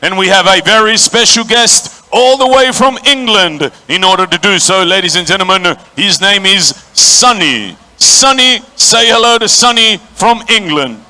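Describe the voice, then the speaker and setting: A man's voice: normal speed, hardly any pauses, bright, forceful tone. A man working as a ring announcer at a boxing stadium, calling out to the crowd and introducing the fighters. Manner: booming, crowd-working, calls out to the audience.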